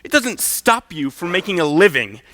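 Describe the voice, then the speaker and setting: A teenage male student actor playing an indignant, exasperated gentleman in a live school stage play, with a huffy, incredulous delivery. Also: high voice, sing-song, moderate pace, no room sound, full character voice.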